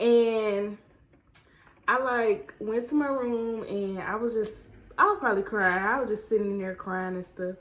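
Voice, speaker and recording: A young woman chatting casually in a vlog, telling a story in an animated way and acting out her own quotes. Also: medium pitch, normal speed. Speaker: vlogger.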